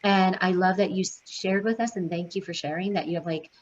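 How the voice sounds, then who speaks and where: A woman's voice: on the low side, steady tone, a little fast, a little mellow. Chatty woman teaching prenatal yoga. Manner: chatty, with many fillers and laughs. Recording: dull lo-fi sound with faint noise.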